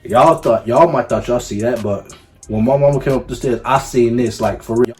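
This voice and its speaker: A young man telling a story on his vlog in a casual, profane, animated way, full of slang. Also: mid-range voice, moderate pace, over music. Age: young adult. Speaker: YouTuber.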